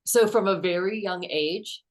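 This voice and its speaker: A middle-aged woman author, a guest in an interview, telling personal stories in an animated way and acting out the quotes. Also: medium pitch, measured pace. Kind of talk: conversational interview storytelling.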